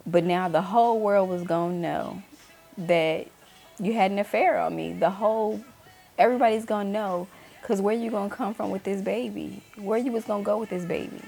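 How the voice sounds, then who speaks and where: A woman's voice: medium pitch, normal speed, gravelly, warm tone, soft background music. A woman in her thirties, host of her own talk channel, candidly telling a personal story and acting out the voices of people she quotes. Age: 30s.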